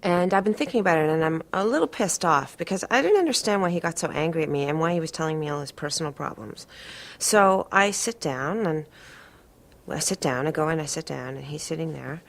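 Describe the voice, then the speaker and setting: A woman's voice: low voice, brisk, vocal fry. A woman speaking to camera, animatedly retelling a personal story and speeding up as it heats up. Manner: animated, speeds up and rises sharply when retelling conflict. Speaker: interviewee.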